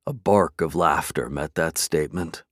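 A man giving measured, dramatic scripted narration of a dark fantasy story as an audiobook narrator. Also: rumbling low, no echo, clean studio sound.

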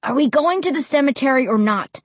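A woman's voice: mid-range voice, animated, a little mellow, breathy edge, no room sound. Woman voicing an impatient young boy. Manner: impatient, brisk.

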